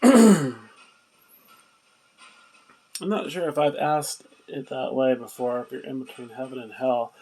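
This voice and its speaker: A man's voice: medium pitch, lively intonation, darkish tone, low-quality recording. A man running a spirit box session, patiently asking the spirits questions again and again. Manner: questioning, patient, asks slowly and repeatedly. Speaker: paranormal investigator.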